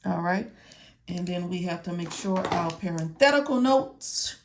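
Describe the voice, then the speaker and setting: A woman's voice: on the low side, expressive, a little slow, a little hiss or hum. A woman instructor walking students through medical coding notes step by step, often checking in with "okay?". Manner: repeats "okay?" and "all right?" to check in. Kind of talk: casual step-by-step tutorial.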